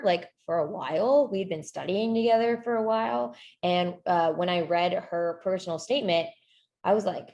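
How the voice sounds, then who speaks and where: A woman admissions consultant giving a casual talk to a group, chatty and full of fillers and restarts. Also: fairly low pitch.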